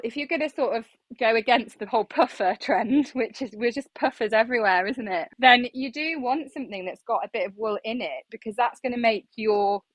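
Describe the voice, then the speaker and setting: A woman's voice: on the high side, dry recording. A woman with a Midlands accent, a guest designer chatting about clothes in a practical, self-deprecating way. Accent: English Midlands. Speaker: guest, artist and print designer. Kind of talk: casual fashion chat.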